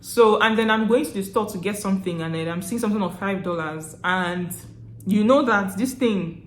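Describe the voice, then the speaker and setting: A young woman from Nigeria with a Nigerian accent, telling stories to camera in a chatty, animated way, often laughing and restarting her sentences. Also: mid-range voice, moderate pace, reverberant, slight background noise. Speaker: vlogger. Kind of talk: casual storytelling to camera.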